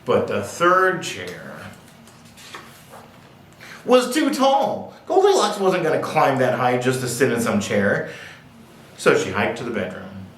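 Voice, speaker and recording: A man's voice: medium pitch, very animated, moderate pace, a bit bright. A man reading picture books aloud at a library, with playful, jokey asides. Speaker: library storyteller. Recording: echoey room, distant mic.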